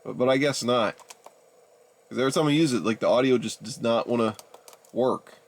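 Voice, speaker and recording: A young man in his twenties talks his viewers through a gadget test in loose, rambling commentary. He sounds exasperated and keeps calling his audience "ladies and gentlemen." His voice sits at an ordinary middle pitch for a man. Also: fairly quick. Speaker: YouTuber reviewing a DVD player. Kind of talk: casual rambling video commentary.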